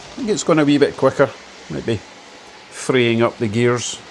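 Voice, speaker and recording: A man's voice: medium pitch, normal speed, slight background noise. A man hosting his model railway channel, giving casual, enthusiastic commentary that pokes fun at himself as he runs a model train around his layout at home. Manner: chatty, enthusiastic, lightly self-mocking.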